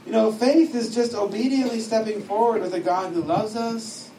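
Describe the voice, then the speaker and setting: The speaker is a man who teaches at a discipleship school; his voice is high-pitched and steady, at a moderate pace. His talk to the class is casual and chatty, full of digressions and laughter, recorded from afar in a reverberant room with slight background noise.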